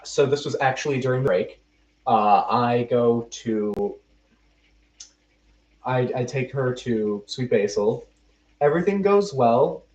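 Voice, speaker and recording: A man's voice: mid-range voice, animated, takes it slowly, long pauses, a little mellow. A young man from the United States, a podcast host telling a rambling, self-mocking story in casual chat among friends. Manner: rambling, self-mocking, restarts mid-sentence. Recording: roomy, distant and muffled mic.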